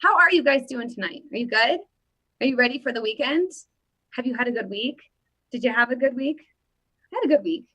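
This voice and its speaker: A woman's voice: high-pitched, lively intonation, brisk, pauses often, pushed and bright, low-quality recording. A woman hosting a casual livestream, playfully greeting viewers by name as she chats. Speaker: livestream host.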